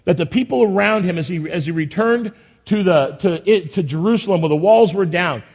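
A man with a high voice leads his congregation from the pulpit. He talks in a folksy, rambling way, full of enthusiasm and frequent restarts. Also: brisk, a little mellow. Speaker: pastor. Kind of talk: church announcements and sermon. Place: church sanctuary.

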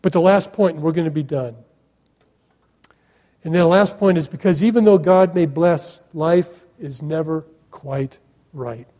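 A man's voice: fairly high pitch, measured pace, mellow. A man preaching a sermon in a conversational way, asking his listeners questions and making sarcastic asides. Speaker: pastor.

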